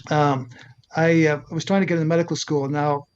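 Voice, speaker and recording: An older man, a physician telling a personal story in an interview, earnest and halting, often restarting his sentences. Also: on the high side, flat delivery, clean tone, muffled recording. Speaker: physician and author.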